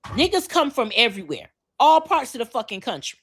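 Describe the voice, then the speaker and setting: A woman's voice: on the high side, sing-song, brisk, a bit bright. A woman with a Miami accent, co-hosting a podcast in a blunt, profane, emphatic rant. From Miami, Florida. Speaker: podcast co-host.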